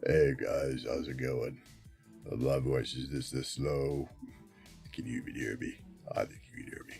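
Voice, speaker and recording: A man doing a very deep-voiced male online personality, pushed far below his own voice into a low, quiet murmur. It is dark and mellow, with soft music faintly behind. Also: steady tone, a little slow. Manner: speaking as low as possible, murmured.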